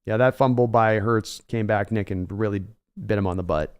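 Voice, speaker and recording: A man's voice: on the low side, normal speed, clean tone. A man hosting a live sports reaction stream, reading out donations and chatting casually with his viewers. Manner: reads donations aloud, chatty and hyped.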